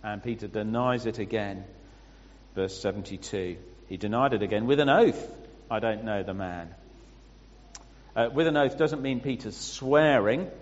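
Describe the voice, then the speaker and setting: A man preaching a sermon, explaining scripture with pauses and restarts. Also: on the low side. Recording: muffled sound with long hall reverb.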